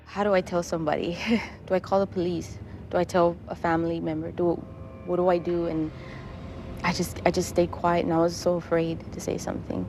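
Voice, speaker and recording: A woman giving an emotional interview, speaking haltingly and repeating her words. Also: lowish voice, flat delivery, a little mellow, soft background music. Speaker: interviewee recounting her past.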